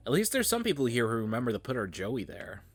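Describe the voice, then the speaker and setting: A man's voice: medium pitch, wildly swooping pitch, fast, creaky, soft background music. Tired, muttering male gaming streamer. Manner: muttering, swears casually, drifts between loud and quiet. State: tired, yawning. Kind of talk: casual game commentary.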